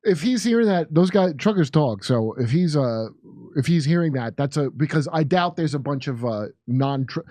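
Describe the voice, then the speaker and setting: A man's voice: fairly high pitch, expressive, moderate pace, warm tone, no echo. A man, a comedian guest on a talk show, chatting casually with wry, mocking quips. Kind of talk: casual political chat.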